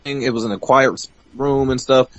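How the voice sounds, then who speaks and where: Animated storyteller man, dull dry audio. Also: normal speed, dry recording. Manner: profane, animated, bursts into high-pitched mimicry. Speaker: interview guest, pro wrestler. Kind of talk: casual storytelling.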